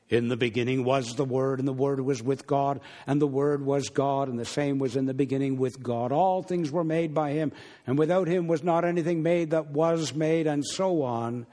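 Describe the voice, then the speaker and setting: A man preaching a sermon, dropping low and hushed on some phrases and lifting sharply on others. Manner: wide swings between low hushed phrases and raised emphatic ones. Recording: long hall reverb.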